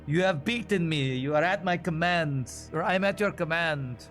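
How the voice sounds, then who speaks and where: A man voicing a grim reaper in a heavy, deliberately bad mock accent, slow and menacing. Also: on the high side, a bit bright, faint music behind, pitched above the performer's own voice, natural voice. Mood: booming.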